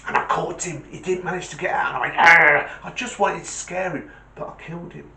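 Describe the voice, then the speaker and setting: A man's voice: on the high side, fast talker, gravelly, sharp tone, echoey room, voice pushed up. A man voicing a small, nervous male terrier dog who stammers defensively in a joke. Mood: anxious.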